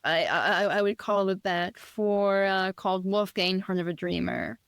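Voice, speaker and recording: A woman's voice: mid-range voice, fairly even intonation, moderate pace, vocal fry, clean tone, no echo. A woman author, a guest on an interview show, talking eagerly in casual chat and rambling with frequent restarts.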